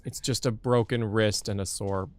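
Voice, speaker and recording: A man's voice: fairly low pitch, fairly even intonation, a little mellow, a little hiss or hum. A man live-streaming a game reaction, laid-back and joking. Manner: laid-back, joking, quick gasps and laughs.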